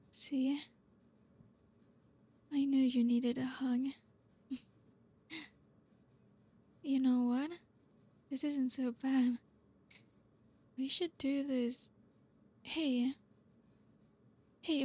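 A woman voicing a blunt, reserved young woman who is gruff but caring, talking to the listener in an audio role-play in a halting, awkward way. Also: high-pitched, steady tone, darkish tone, heavily acted. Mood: awkward, tender. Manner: halting, awkward, stumbling over words.

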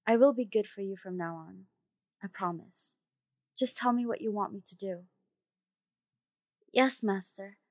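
A young woman acting a flustered friend who grows submissive in an audio role-play, talking in halting, hesitant bursts full of fillers. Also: medium pitch, darkish tone, no room sound, studio quality.

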